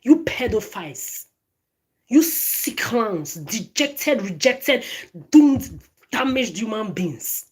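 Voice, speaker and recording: A vlogger rants angrily straight into her phone camera, swearing often and stammering, repeating words and phrases. Her voice is a little high and sing-song with a darkish tone, and she takes it slowly.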